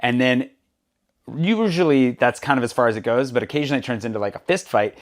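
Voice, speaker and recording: A man's voice: mid-range voice, quick pace. A man hosting a podcast, chatting casually and acting out the exchanges in the stories he tells. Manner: animated storyteller, acts out quoted exchanges. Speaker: podcast host. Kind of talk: casual conversation.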